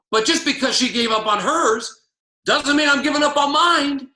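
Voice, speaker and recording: Male motivational coach, emphatic and repetitive, high bright voice. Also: normal speed, reverberant. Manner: emphatic, preachy, repeats key lines. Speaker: network marketing coach.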